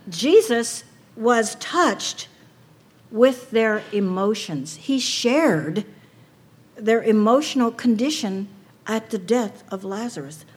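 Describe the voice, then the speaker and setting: A woman's voice: on the high side, breathy edge. A woman preaching a sermon to a women's audience, earnest and personal, asking rhetorical questions.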